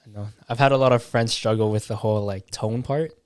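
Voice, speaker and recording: A man's voice: mid-range voice, steady tone, brisk, clean tone, no room sound, clean studio sound. Easygoing young man, slangy podcast talk. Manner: easygoing, slangy, frequent "right?". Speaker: podcast co-host. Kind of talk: casual chat.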